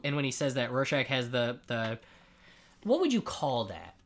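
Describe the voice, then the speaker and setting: A man recaps a comic in casual, animated chat, acting out the characters as he goes. He swears freely and jokes along the way. His pitch sits in a middle range. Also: normal speed. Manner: animated storyteller who acts out scenes; profane, joking. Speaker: comic book podcast co-host.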